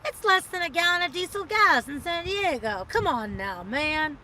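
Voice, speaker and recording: A woman's voice: very high-pitched, animated, normal speed, very noisy. A woman hosting a casual livestream, chatting in a rambling way and reading out viewer comments. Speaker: livestream host.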